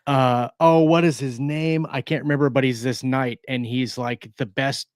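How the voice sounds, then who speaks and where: A man's voice: medium pitch, fairly even intonation, normal speed, no echo, clean studio sound. A man co-hosting a writing stream, chatting casually about his writing in a loose, rambling way. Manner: chatty, loose, many fillers and restarts. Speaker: co-host of a writing sprint stream.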